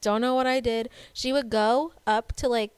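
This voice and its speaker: A woman's voice: fairly high pitch, normal speed, smooth, no echo. A woman in her twenties telling a story in casual chat, with many "like" fillers. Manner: chatty, animated storytelling with laughs and "like" fillers.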